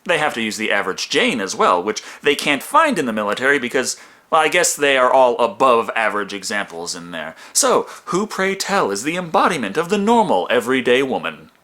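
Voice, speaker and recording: A male film reviewer narrates with sarcastic, wisecracking humor. His pitch leaps around in a highly animated way, and his tone is bright and forceful. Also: brisk.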